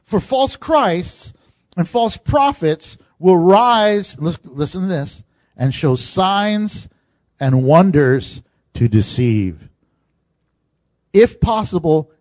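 A man with a high voice preaches a sermon, lively and conversational, slipping into little acted voices for the people he quotes. The sound is dry and close, with no room around it. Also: slow pace, no echo. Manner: animated, acts out quoted voices of congregants. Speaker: pastor.

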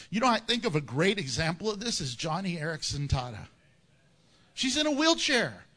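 A male pastor delivers a lively sermon in a high, bright voice that leaps up and down. He is jokey and animated, and he acts out quoted voices. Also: moderate pace.

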